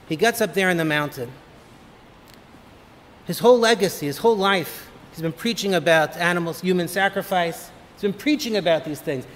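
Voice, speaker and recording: A man, a rabbi, giving an inspirational holiday talk full of lively, humorous stories. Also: high-pitched. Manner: animated, humorous storyteller. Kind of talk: motivational holiday talk with storytelling. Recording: long reverb of a hall.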